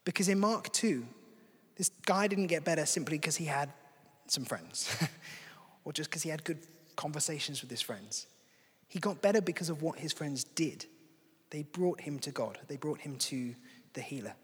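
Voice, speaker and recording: A man's voice: fairly high pitch, expressive, moderate pace, long pauses, a bit bright, slightly rough. A man preaching a sermon in a conversational, earnest way. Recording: long hall reverb.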